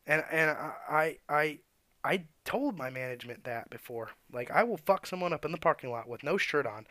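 A man's voice: a little high, animated, normal speed, pushed and bright, no echo. A man who works as an auto mechanic, telling shop stories in a blunt, profane, ranting way. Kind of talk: casual storytelling rant.

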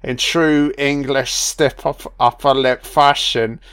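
A man giving a casual film commentary, excitable and heavily profane, full of slang and calling listeners man, son and baby. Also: medium pitch, takes it slowly, clear, resonant tone.

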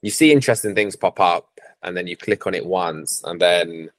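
A man's voice: low-pitched, normal speed. A man as a podcast guest, easygoing and laughing often in casual chat.

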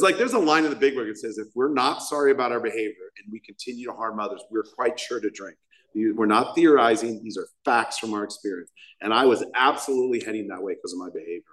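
A man's voice: mid-range voice, fairly bright tone. A middle-aged man, the main speaker at a recovery meeting, telling his story in a rambling, self-deprecating way with chuckles. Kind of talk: personal recovery share, casual storytelling.

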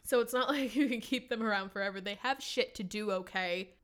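A woman co-hosting a casual podcast chat, talking in a relaxed, rambling way with many "like" fillers and some casual swearing. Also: mid-range voice, fairly quick, smooth. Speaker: podcast co-host.

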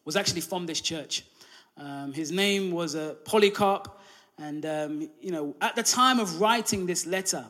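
A man preaching a sermon, telling a story with many fillers and restarts and building to loud emphasis. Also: high-pitched. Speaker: pastor.

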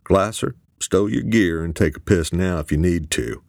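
A man voicing a gruff, bossy commander who growls orders and mocks. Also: sits low, moderate pace, darkish tone, no echo, clean studio sound, voice pushed up. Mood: mocking.

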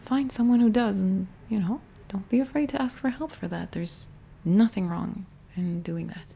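Soft-spoken woman, half-whispered, gravelly. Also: mid-range voice, moderate pace. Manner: gentle, intimate, rambling with many restarts. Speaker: spiritual healing teacher. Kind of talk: soft, partly whispered reflective talk to viewers.

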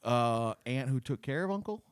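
A man's voice: medium pitch, expressive, moderate pace, no room sound, studio quality. A man hosting a podcast, asking questions in a teasing, joking way. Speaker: podcast host. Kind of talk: casual chat.

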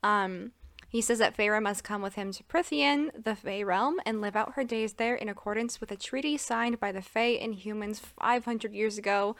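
A woman's voice: medium pitch, normal speed, a bit bright, no room sound. A woman co-hosting a casual book-chat podcast, swearing freely, laughing and acting out characters' lines. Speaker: podcast co-host.

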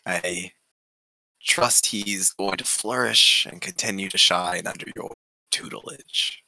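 A man's voice: sits low, steady tone, slow pace, vocal fry, bright, forceful tone, no echo, heavily acted, low-quality recording. A man as a courteous ancient vampire. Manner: formal and courteous.

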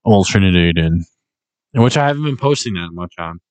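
A young man chatting playfully as a podcast guest, prone to loud outbursts. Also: deep voice, expressive, brisk, no echo. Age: young adult. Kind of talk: casual podcast chat.

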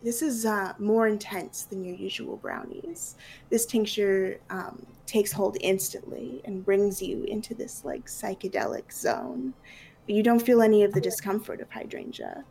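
Gravelly woman running a tabletop game. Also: mid-range voice, measured pace, a little hiss or hum. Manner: relaxed narration with fillers. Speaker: game master.

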